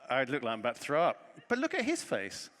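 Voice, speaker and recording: A man giving a conference talk, telling a self-deprecating story with lively humor from the stage. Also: medium pitch, fast talker, a little hiss or hum. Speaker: conference speaker. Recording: long reverb of a large hall.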